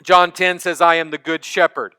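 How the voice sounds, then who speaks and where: A man's voice: a little high, level tone, normal speed, pushed and bright, clean tone, no echo. A man with a Texan accent, a pastor giving a conversational sermon and talking directly with his congregation. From East Texas. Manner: conversational preaching, engages congregation.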